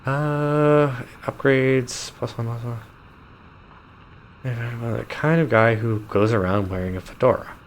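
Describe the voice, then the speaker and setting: A man's voice: mid-range voice, slow, a little hiss or hum. A man streaming a game live, reading the game text aloud with amused asides and chuckles. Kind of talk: live gameplay commentary.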